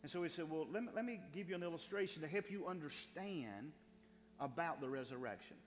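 A man's voice: on the high side, expressive, brisk. A man preaching a sermon, building to emphatic, rising lines with repeated words. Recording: light hum in a reverberant hall.

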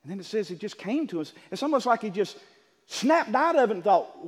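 A man preaches with a strikingly high voice that rises and falls in lively swings. He drops low for quiet asides, then climbs into loud, shouted stretches. The sound rings with the long reverb of a church hall. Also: moderate pace, long pauses. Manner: builds from low talk to shouted preaching, acts out quotes. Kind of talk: sermon.

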